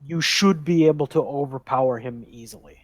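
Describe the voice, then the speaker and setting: A man's voice: medium pitch, fairly quick. A man playing a tabletop game, chatting and eagerly explaining the rules. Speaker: player. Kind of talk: casual tabletop game chat.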